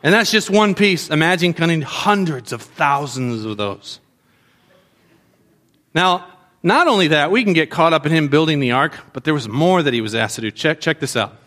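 Children's pastor: male, high bright voice, animated, questioning the kids. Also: normal speed. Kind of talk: sermon to children.

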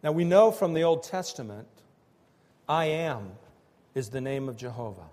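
A man preaching a sermon in slow, emphatic phrases that swell and drop with pauses between them. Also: medium pitch, expressive, a little mellow, in a large hall. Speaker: pastor.

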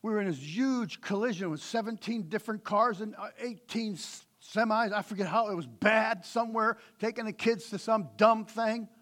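Middle-aged male pastor, high and bright, fiery sermon with soft storytelling stretches. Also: moderate pace, few pauses. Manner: swings from loud preaching to quiet storytelling.

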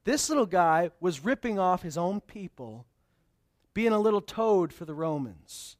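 A man's voice: high voice, lively intonation, measured pace. A male pastor preaching a sermon, telling stories casually and then building to emphatic, raised declarations.

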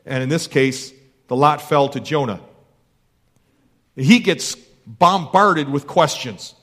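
Pastor guy preaching, chatty but emphatic, fairly high voice. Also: a little slow, fairly bright tone. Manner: conversational, emphatic, repeats key phrases. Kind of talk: sermon.

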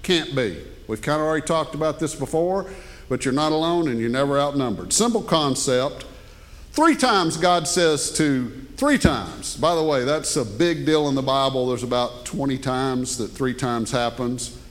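An older man preaching a sermon as pastor, folksy and animated, joking with the congregation. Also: medium pitch, normal speed. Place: church sanctuary. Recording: long hall reverb.

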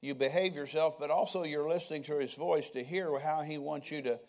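A man's voice: fairly high pitch, a little fast, darkish tone. An older man preaching a sermon in a conversational way, often asking the congregation questions. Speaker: pastor.

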